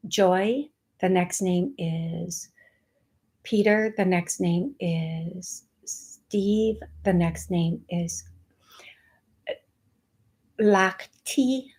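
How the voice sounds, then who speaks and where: Slow, unhurried woman host giving live psychic readings, playful and rambling, spells names aloud. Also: lowish voice, a little mellow.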